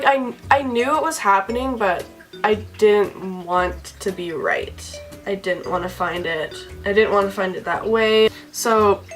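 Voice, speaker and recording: A young woman telling a personal story in a casual, emotional way, packing her sentences with "like.". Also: medium pitch. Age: young adult. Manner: says "like" constantly, chatty and emotional. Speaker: vlogger.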